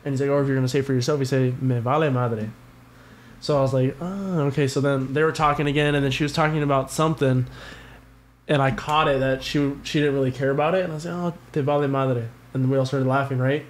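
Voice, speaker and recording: A man's voice: medium pitch, fairly even intonation, fast. A man telling crude, rambling stories on a casual podcast, swearing freely. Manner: crude, vulgar storytelling with lots of swearing. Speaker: podcast co-host.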